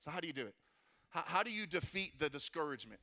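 A man preaching a sermon as pastor, energetic, asking rhetorical questions and tossing in playful asides. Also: a little high, fast talker.

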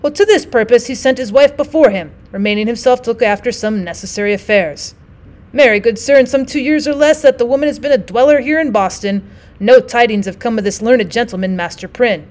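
Chatty, pious townsman in a storybook reading, earnest and eager to explain, read by a woman with a fairly high voice. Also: brisk, darkish tone, natural voice. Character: pious, talkative male townsman.

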